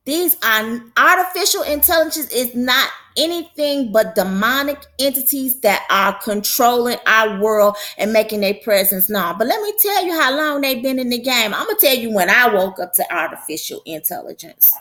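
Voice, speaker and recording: A woman's voice: on the high side, animated, normal speed, few pauses, sharp tone. A woman prophetess hosting her own show, giving a casual religious talk in a folksy, conversational way with a preaching lilt.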